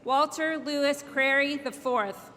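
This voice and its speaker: A woman reading out graduates' names one by one at a commencement, slow and measured, over a podium microphone. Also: high voice, fairly even intonation, background noise. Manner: slow, measured name-by-name announcing. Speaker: commencement name reader. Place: large ceremony hall. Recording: echoey hall with loud crowd ambience.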